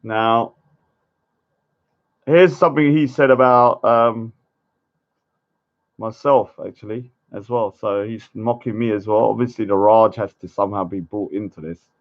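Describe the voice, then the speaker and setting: A man's voice: lowish voice, a little slow, long pauses, dull audio. A man giving casual, rambling commentary to the camera, breaking off into muttered asides. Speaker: vlogger.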